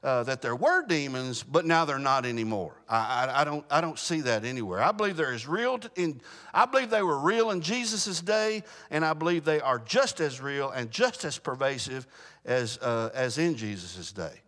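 A male Baptist preacher delivers an animated sermon to his congregation in a mid-range voice at a moderate pace, with a long reverb tail behind him. He often restarts his words and keeps checking whether the room is following him.

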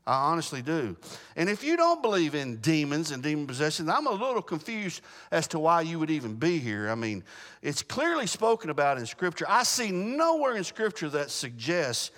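Male preacher, sermon, animated, stammered restarts, bright voice, reverberant hall. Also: a little high, normal speed. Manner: animated, repeats and restarts words, asks the congregation questions. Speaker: Baptist preacher.

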